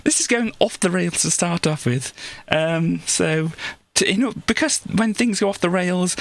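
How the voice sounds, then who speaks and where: A woman streamer talks casually on a live stream in a gravelly, fry-heavy voice. She rambles, restarts her sentences often and slips into playful put-on voices. The sound is dry and close, with little room in it. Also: fairly low pitch, lively intonation, unhurried, hardly any pauses, dry recording. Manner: rambling, with many restarts and laughs. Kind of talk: casual livestream chat.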